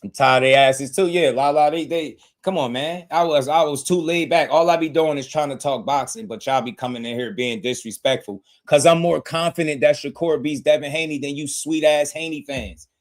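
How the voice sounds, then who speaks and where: A man's voice: fairly high pitch, brisk, hardly any pauses. A man hosting a boxing livestream, talking heated and blunt to his chat with lots of slang. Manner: fired-up, blunt, slangy, talks straight to chat.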